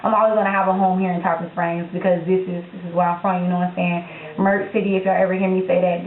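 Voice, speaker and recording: A woman's voice: on the low side, level tone, quick pace. A young woman from Florida with a Florida accent, talking bluntly and sassily to her viewers in a casual Q&A vlog, filmed on a handheld camera at home. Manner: blunt and sassy, speaks directly to viewers. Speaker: vlogger. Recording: echoey room, tinny phone-like sound.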